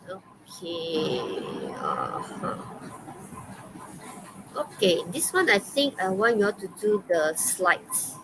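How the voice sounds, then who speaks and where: A woman with a mid-range voice teaches English online in a Malaysian English accent, keeping things chatty with plenty of okays, fillers and laughter. Background noise can be heard.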